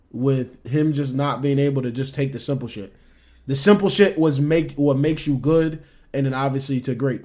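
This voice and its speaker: A young man co-hosting a casual sports podcast, talking quick and animated, often trailing off and restarting. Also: fairly high pitch. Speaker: podcast co-host.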